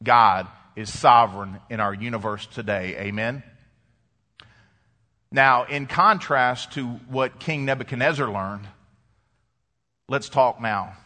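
A man preaching a sermon with emphatic delivery, rising to bursts of emphasis and dropping low and quiet. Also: slow, pauses often, long reverb tail. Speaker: pastor.

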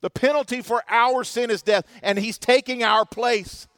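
Man, pastor, very high voice, impassioned sermon, dry close sound. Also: fairly even intonation, moderate pace, no echo. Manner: impassioned preaching with dramatic swings between loud and hushed.

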